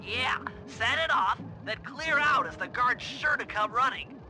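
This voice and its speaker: A man's voice: very high-pitched, a little slow, bright, forceful tone, heavily acted. An actor voicing a brainy, fussy male turtle tech genius who explains plans patiently step by step, in a video game. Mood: instructing. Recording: game audio over music. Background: game music.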